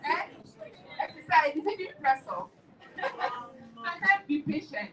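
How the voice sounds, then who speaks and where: A woman's voice: sits high, very animated, normal speed, long pauses, fairly bright tone, recorded from a distance, low-quality recording. A woman teaching pronunciation to a class, correcting and repeating words one by one. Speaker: diction teacher.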